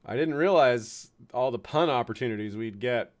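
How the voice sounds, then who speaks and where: A man's voice: mid-range voice, normal speed. A man from the United States giving chatty, chuckling commentary on a strategy game, fond of puns. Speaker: game streamer.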